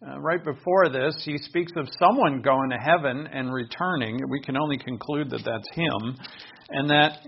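Earnest man preaching, lo-fi sound. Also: fairly high pitch. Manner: earnest, explanatory, asks the listeners questions. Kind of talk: sermon. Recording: dull lo-fi recording.

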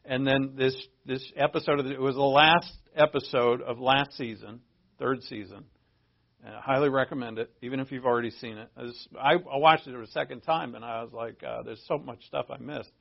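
A man's voice: mid-range voice, fairly even intonation, a little fast, gravelly. A man preaching a sermon, talking conversationally and reading scripture aloud, with emphatic bursts. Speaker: pastor. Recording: dull lo-fi sermon recording.

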